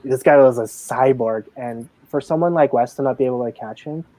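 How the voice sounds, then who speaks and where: A man's voice: mid-range voice, brisk, warm tone, no room sound. A man in a casual live interview, telling stories from his casino job in a chatty way, full of fillers and acted-out quotes. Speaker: casino dealer and games manager.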